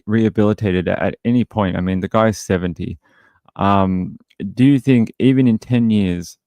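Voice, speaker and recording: A low-voiced Australian man hosts a true crime stream in a casual, chatty way, reading viewer comments and answering them bluntly. His voice is recorded close and dry, with no room sound. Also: darkish tone, dry recording. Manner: blunt and opinionated, with many fillers. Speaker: true crime livestream host.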